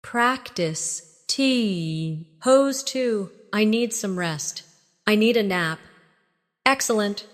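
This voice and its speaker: A woman teaching everyday English phrases in a scripted lesson, giving slow, clear prompts for the listener to repeat. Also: medium pitch, expressive, long reverb tail.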